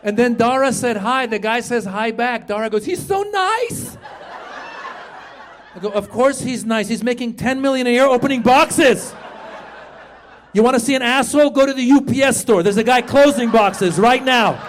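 Man, stand-up comedian, animated, high-pitched, live club recording, faint crowd and background noise. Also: moderate pace. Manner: animated, shouting punchlines, acting out characters. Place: comedy club stage before a live audience. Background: audience laughter.

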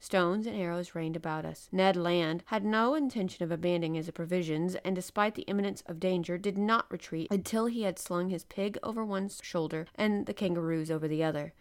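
A woman hosting a podcast, reading a classic novel aloud in a lively way and giving the dialogue voices. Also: fairly low pitch, brisk, hardly any pauses. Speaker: podcast host and reader.

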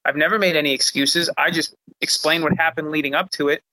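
Bright high-voiced young man telling a story. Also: fast, dry recording, low-quality recording. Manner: animated, frequent "like" fillers, profane. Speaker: guest, fighter. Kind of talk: casual storytelling.

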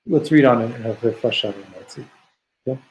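A man's voice: mid-range voice, fairly quick, a little hiss or hum, rough recording. A man teaching a study session. He reads Hebrew passages aloud and explains them in an earnest, searching way, often restarting his phrases. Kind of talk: text study lesson.

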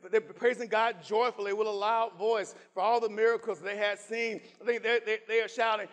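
A preacher man with a strikingly high voice delivers a fervent sermon, rising into shouts and hammering phrases over and over. His words ring out with a long reverb through a large church hall. He calls out to the congregation as he builds. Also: level tone, normal speed, hardly any pauses. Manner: fervent preaching with shouts, repetition and call-outs.

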